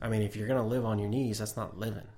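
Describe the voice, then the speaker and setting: A man's voice: on the low side, little pitch movement, quick pace, dark tone. A man co-hosting a podcast, talking casually about a TV show and restarting his sentences often. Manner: rambling, frequent restarts. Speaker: podcast co-host. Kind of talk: casual chat.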